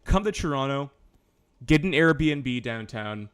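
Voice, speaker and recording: A man with a clear, resonant, medium-pitched voice speaks slowly with lively intonation. He's casually chatting on a live stream, rambling, swearing, and correcting himself as he talks.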